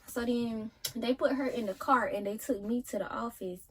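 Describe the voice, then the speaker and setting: A teenage girl, casually telling a story in an animated way for a vlog. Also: on the high side, normal speed, slightly rough, poor audio. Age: teens. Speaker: vlogger.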